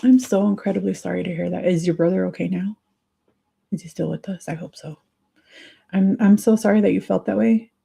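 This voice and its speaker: A woman with a husky, slightly gravelly voice chats with viewers on her livestream. She speaks in a confiding, emotional way, sympathetic when others share their pain. Her pitch sits in an ordinary middle range. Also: steady tone, brisk, warm tone. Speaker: livestream host.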